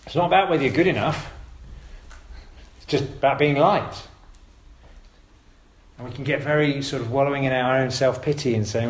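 A man's voice: medium pitch, normal speed. Man preaching in a roomy hall. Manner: conversational, self-correcting, emphatic. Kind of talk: informal sermon. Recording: roomy echo.

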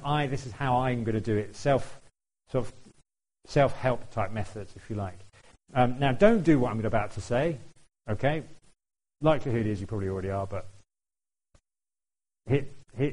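A man's voice: medium pitch, darkish tone, poor audio. A man preaching a sermon in a conversational way, putting questions to the congregation and laughing now and then.

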